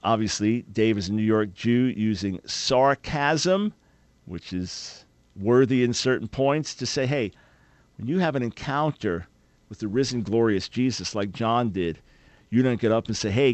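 A man's voice: on the low side, moderate pace, no echo. A man hosting a call-in radio talk show, speaking in an earnest, emphatic, preacher-like way into a studio microphone.

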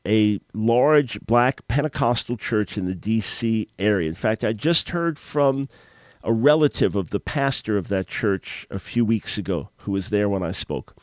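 A man hosting a call-in radio show and telling a story in an animated, preacherly way, jumping high and loud when he acts out his own thoughts. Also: no echo. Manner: animated, jumps to a much higher, louder voice when acting out his own past thoughts; preacherly, emphatic.

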